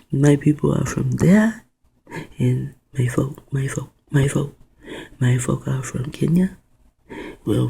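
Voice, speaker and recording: A video host giving rambling commentary while reading aloud, spelling words out letter by letter, musing with soft exclamations and often dropping into a whisper. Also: medium pitch, vocal fry, breathy edge, rough recording.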